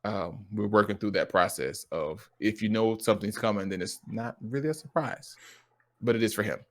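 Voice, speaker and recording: A man's voice: fairly low pitch, moderate pace. Guy chatting on a stream, gets worked up and emotional, restarts a lot, acts out little bits of dialogue. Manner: animated, emotional, lots of restarts and quoted dialogue. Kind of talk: casual heartfelt chat.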